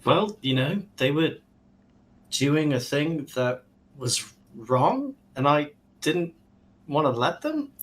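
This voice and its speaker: A man's voice: on the high side, expressive, slow pace. A man playing a tabletop game in a modest, laid-back manner. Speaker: player. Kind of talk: casual tabletop play.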